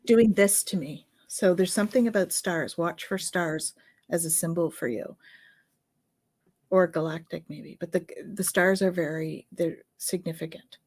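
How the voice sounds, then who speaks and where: A woman's voice: fairly low pitch, measured pace, darkish tone. A woman hosting a live card reading, speaking reassuringly and often checking in with "okay?" as she gives advice. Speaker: host and card reader.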